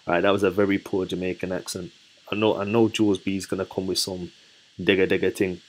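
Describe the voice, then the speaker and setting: A man with a low, slightly husky voice talks through scripture in a casual Bible study. He is relaxed and chatty, and he corrects himself as he goes. He keeps asking his listeners questions and then answers them himself. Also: brisk. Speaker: scripture teacher.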